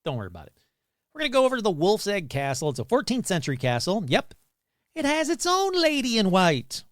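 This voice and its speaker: Lively, irreverent man telling ghost stories. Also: high voice, fast, no echo, studio quality. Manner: irreverent, crude jokes and asides. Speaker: podcast host. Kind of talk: casual comedic storytelling.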